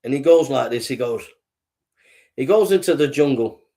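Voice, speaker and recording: A man's voice: mid-range voice, lively intonation, normal speed, gravelly, dark tone. A man telling jokes in a rambling way as a podcast host, laughing at his own punchlines. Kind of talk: joke telling.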